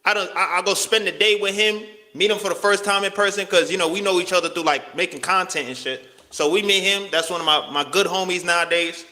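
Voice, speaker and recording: A man tells a rambling personal story in loose slang, acting out what people said with sudden jumps in his voice. His voice sits high and sounds bright and sharp. It carries a long reverb tail, as if recorded in a big hall. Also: fairly quick, hardly any pauses. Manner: animated, slangy, swings pitch widely, acts out quotes. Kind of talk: casual storytelling rant.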